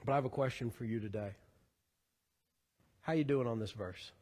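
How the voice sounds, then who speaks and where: A man preaching a sermon as pastor, earnest, rising to fervent emphasis and sinking low again. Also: normal speed, darkish tone. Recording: long hall reverb.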